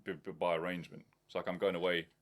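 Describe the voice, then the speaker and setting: A man's voice: sits low, flat delivery, racing. A young man co-hosting a podcast, chatting casually with dry, teasing banter and the odd swear word. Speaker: podcast co-host. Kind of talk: casual chat.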